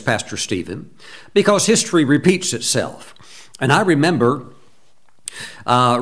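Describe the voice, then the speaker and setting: A man preaching a sermon, telling stories animatedly with laughs and sudden exclamations. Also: medium pitch. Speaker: pastor.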